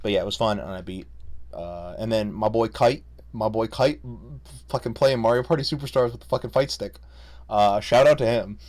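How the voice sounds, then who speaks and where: A man's voice: fairly low pitch, moderate pace, darkish tone. A young man casually ranking games he played, profane, rambling and jokey, unscripted. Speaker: video creator. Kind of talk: unscripted casual game rundown.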